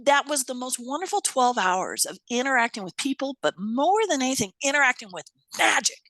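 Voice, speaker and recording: A woman telling a story in an animated way, swearing casually and acting out the voices of people she quotes. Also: high-pitched, a little fast, no room sound. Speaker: guest.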